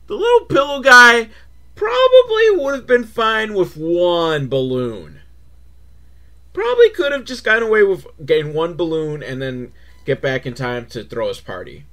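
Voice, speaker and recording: A man hosting a comedy podcast, recapping a children's movie with sarcastic, mocking commentary and sing-song mimicry. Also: mid-range voice. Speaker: podcast host.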